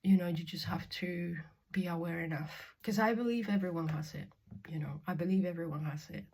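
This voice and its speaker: Fairly quick and slightly rough, this lowish female voice belongs to a young spiritual vlogger from Spain. Speaking candidly to camera in a casual monologue, she curses without restraint, laughs a lot, and drops from loudness into whispers.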